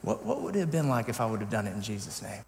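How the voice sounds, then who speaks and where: A man's voice: lowish voice, very animated, rapid-fire, gravelly, a little hiss or hum. Pastor type, man, lighthearted storyteller with an earnest streak, reverberant church hall. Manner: humorous storytelling, shifting to earnest and quiet. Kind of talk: sermon with personal story.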